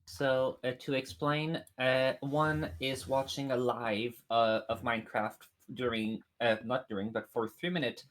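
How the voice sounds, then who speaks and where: A man chatting casually over voice chat while gaming, halting often with filler sounds. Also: medium pitch, flat delivery, fairly bright tone. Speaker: friend on voice chat.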